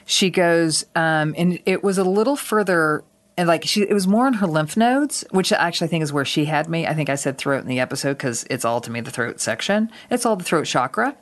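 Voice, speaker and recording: A woman's voice: sits low, animated, a little fast. A woman co-hosting a podcast, telling a rambling story in casual chat, swearing freely and laughing often. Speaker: podcast co-host.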